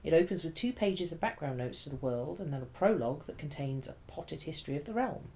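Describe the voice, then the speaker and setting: Low-voiced woman reviewing books. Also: animated, brisk, dark tone. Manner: dry, wry and chatty. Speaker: book reviewer. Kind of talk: scripted book review monologue.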